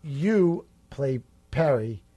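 A man's voice: medium pitch, lively intonation, drawn-out words, warm tone, breathy edge, highs cut off. A man, a podcast regular, directing an improv scene in a casual, laughing way. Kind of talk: casual chat.

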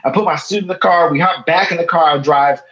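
A man in his thirties from Chicago, a guest in a casual interview, telling a story in a lively way and acting out the lines of other people. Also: on the high side, quick pace, highs cut off. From Chicago, USA. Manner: animated, acts out quoted dialogue. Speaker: guest photo editor.

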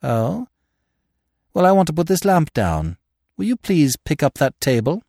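A determined young woman who snaps out short, clipped demands, as a man reads her part. Her voice sits higher than his own and swings widely in pitch. The recording is close and dry. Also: sing-song, unhurried, gravelly, darkish tone, no room sound, heavily acted. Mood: impatient. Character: young woman, brisk, determined, sharp-tongued.

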